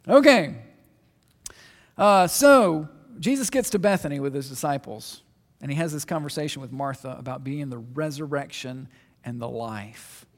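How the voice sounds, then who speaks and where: A man preaching a sermon in a conversational way, shifting between loud emphatic asides and quiet reflection. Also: fairly high pitch, lively intonation, moderate pace. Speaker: pastor. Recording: long hall reverb.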